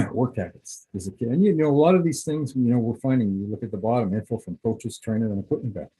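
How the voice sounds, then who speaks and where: A man's voice: medium pitch, fast talker, mellow, husky, poor audio. A middle-aged man, a football scout, giving a casual, rambling clinic talk full of anecdotes.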